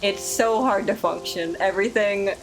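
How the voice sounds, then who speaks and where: A woman streaming a game, chatting casually and sleep-deprived, playful, rambling and quick to laugh. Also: mid-range voice, steady tone, slight background noise, rough recording. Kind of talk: casual gameplay commentary. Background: game music.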